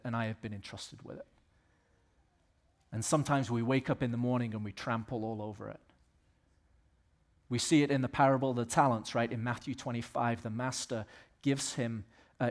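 Impassioned male pastor preaching. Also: medium pitch. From Southern United States. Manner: impassioned preaching that swings between loud exhortation and quiet earnest asides. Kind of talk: sermon. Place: church.

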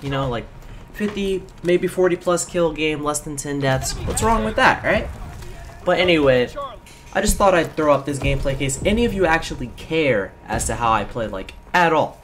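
A man hosting his gaming channel, commenting live on his shooter match in an excitable, slangy way. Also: a little high. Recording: game gunfire behind voice. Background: gunfire and game sounds.

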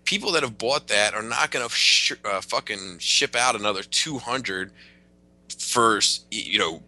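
A man's voice: on the low side, lively intonation, moderate pace, bright, forceful tone, rough recording. A man hosting a casual podcast, ranting emphatically with plenty of profanity. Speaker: podcast host.

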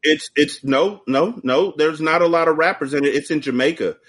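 A man's voice: a little high, moderate pace, fairly bright tone, breathy edge. Man, podcast guest, casual profane chat, joking storyteller, video call.

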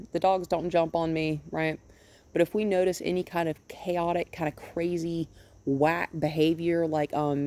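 This woman's voice sits low with a darkish tone, and there's slight background noise. As a dog trainer, she gives a relaxed demonstration at home and in the yard with her dogs, explaining each step in a chatty way and often adding "right?".

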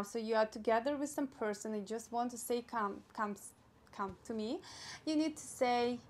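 A young woman with a Ukrainian accent, a native Ukrainian speaker, teaching a casual language lesson. Her voice sits a little high. She says each new word slowly and then repeats it so learners can catch it. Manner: slow, careful repetition of foreign words.

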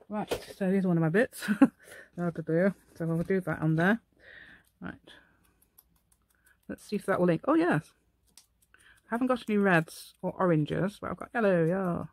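A woman's voice: fairly low pitch, a little slow, pauses often, a little mellow, a little hiss or hum. A woman hosting a casual crafting tutorial at her craft table at home, thinking aloud and asking the viewer questions as she works. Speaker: craft channel host.

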